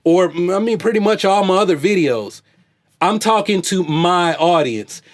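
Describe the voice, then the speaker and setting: A man with a notably high-pitched voice talks straight to his viewers in a loose, slangy rant. He keeps circling back with "hey, man" and "right?", in the style of a coach talking to his athletes. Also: lively intonation, unhurried. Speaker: vlogger and fitness coach. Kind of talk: off-the-cuff commentary rant.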